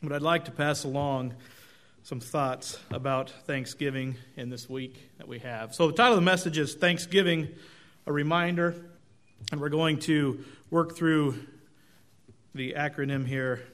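A man's voice: fairly high pitch, a little slow, fairly bright tone. A middle-aged male pastor giving a conversational, self-deprecating sermon with folksy storytelling.

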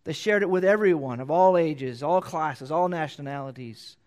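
A pastor preaching a sermon, reading scripture aloud and repeating key phrases for emphasis. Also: male voice, normal speed. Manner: reads scripture louder and higher, then drops low to explain.

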